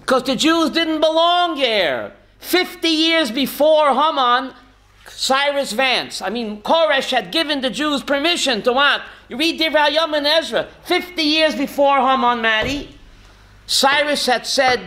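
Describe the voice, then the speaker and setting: Bright high-voiced rabbi teaching a class. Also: male voice, unhurried. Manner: quizzes listeners by name with questions; folksy, jokey asides.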